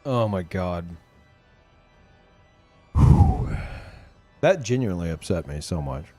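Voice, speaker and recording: A man streaming a game, ranting in casual commentary, excitable and swearing, laughing as he talks. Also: deep voice, takes it slowly, faint music behind.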